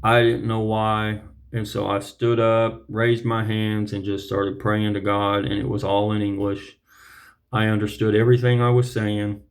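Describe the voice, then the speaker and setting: A preacher telling his personal testimony in an earnest, reflective way, often pausing to clear his throat. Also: on the low side, flat delivery.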